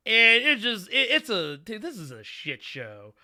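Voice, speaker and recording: A man hosts a casual live-stream, his voice very bright and ringing and sitting a little high. He rambles in an animated way, full of restarts and quick asides to his viewers. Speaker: host.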